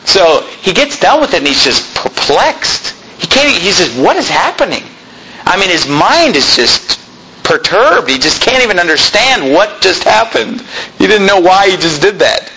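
A man's voice: high-pitched, normal speed, a little hiss or hum, low-quality recording. A male preacher retelling a story in a conversational sermon, with frequent asides. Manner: animated, conversational, many asides.

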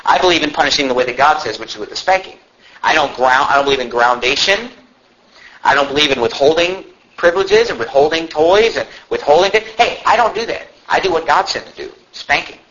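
A man preaching a sermon in an animated way, now and then shouting mocking impressions. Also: fairly high pitch, a little fast, highs cut off. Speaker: pastor.

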